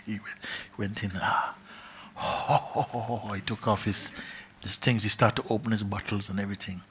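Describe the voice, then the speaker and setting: A man telling a parable as a spiritual teacher, soft-spoken, often dropping to a whisper and repeating his phrases. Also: fairly low pitch, fairly even intonation, takes it slowly, slight background noise. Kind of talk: storytelling in a spiritual gathering.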